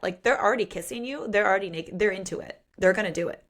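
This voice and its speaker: A woman's voice: medium pitch, fast talker, few pauses. A woman co-hosting a podcast, chatting candidly and animatedly about a romance novel and acting out its lines. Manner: candid, animated, acts out quotes. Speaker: podcast co-host. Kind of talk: casual book chat.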